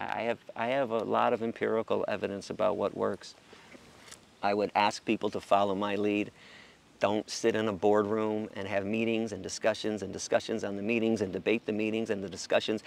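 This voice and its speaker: A middle-aged American man from the United States, a guest in a casual interview, telling stories in an animated, profane way and acting out quotes. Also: medium pitch, gravelly.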